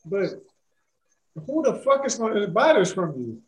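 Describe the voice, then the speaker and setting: A man's voice: high voice, very animated, unhurried. A man in a casual podcast chat, blunt and swearing.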